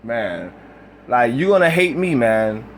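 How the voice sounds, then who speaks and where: A man's voice: mid-range voice, sing-song, takes it slowly. A man recording a reaction video, ranting in a heated, profane way. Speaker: YouTuber.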